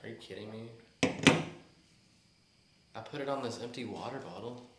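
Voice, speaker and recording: A man's voice: mid-range voice, moderate pace. A young man hosting a podcast in casual, joking chat, teasing his guest and laughing easily. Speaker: podcast host. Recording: echoey room, faint background noise.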